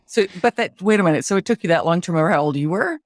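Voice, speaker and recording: A woman's voice: lowish voice, expressive, very fast, no echo, clean studio sound. A middle-aged woman hosting a podcast, chatting casually and teasing her producer playfully. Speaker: podcast host. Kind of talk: casual chat.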